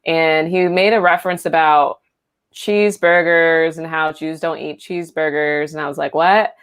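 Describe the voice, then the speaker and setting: A woman's voice: low voice, little pitch movement, moderate pace, clean tone. A woman co-hosting a comedy podcast, chatting casually in a rambling way with many fillers. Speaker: podcast co-host.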